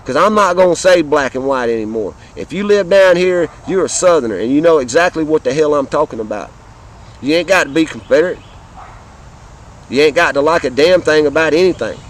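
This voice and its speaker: A fairly high-pitched, animated man with a Southern American accent, from the Southern United States, rants about politics to camera a little fast. His fiery, profane delivery speaks directly to viewers and repeats points for emphasis. The rough recording carries a little hiss or hum.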